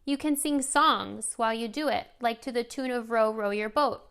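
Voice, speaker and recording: A woman presenting a scripted lesson for parents on modeling language for young children, coaching in a clear, gentle way. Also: fairly high pitch, moderate pace, hardly any pauses. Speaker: speech therapy presenter. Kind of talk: scripted instructional narration.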